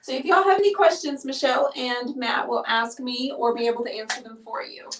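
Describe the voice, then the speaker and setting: A woman's voice: sits high, brisk. Chatty, breathless woman painting live. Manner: chatty and upbeat, talks while working. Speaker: painter hosting a live stream. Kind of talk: live painting tutorial chat. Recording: voice heard from a distance.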